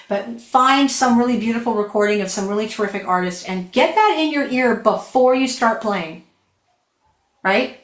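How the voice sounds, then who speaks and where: In an echoey room, a woman with a voice on the high side gives a flute masterclass over a video call. She is chatty and enthusiastic, telling stories in an animated way.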